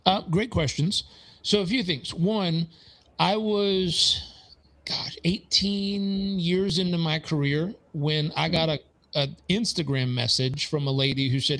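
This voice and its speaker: A man in his forties, a podcast guest and business consultant, telling stories in an animated way and acting out quoted dialogue. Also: on the high side, slow, rough recording. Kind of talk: conversational storytelling.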